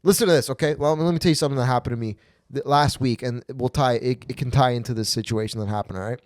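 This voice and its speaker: Young male podcast host, crude animated storyteller, dry close sound. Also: mid-range voice, quick pace, no room sound. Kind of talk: casual podcast chat.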